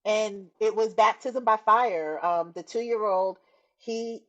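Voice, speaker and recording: The recording is muffled, and the woman speaks slowly at a medium pitch. Middle-aged and appearing as a guest, she shares her personal testimony conversationally and warmly, laughing and acting out what people told her.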